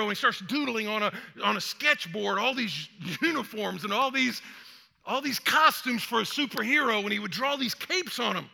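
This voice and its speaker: A man's voice: high voice, creaky, bright, forceful tone. A man in his older years preaching a sermon as pastor, talking conversationally and acting out quoted voices with energy. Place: church sanctuary. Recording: long hall reverb.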